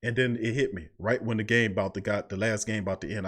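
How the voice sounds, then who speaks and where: A man's voice: fairly low pitch, steady tone, quick pace, few pauses, fairly bright tone, breathy edge. A man hosting a sports podcast at his mic, preaching his points and repeating phrases for emphasis. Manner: preachy, repeats phrases, heavy Southern US slang. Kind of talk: fired-up sports talk. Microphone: studio mic.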